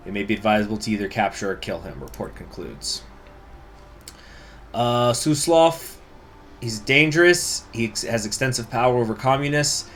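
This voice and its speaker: A man's voice: medium pitch, a bit bright, slight background noise. A man hosting a strategy game playthrough, reading event text aloud and adding casual joking asides. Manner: casual, joking asides between read-out passages. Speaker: let's play host.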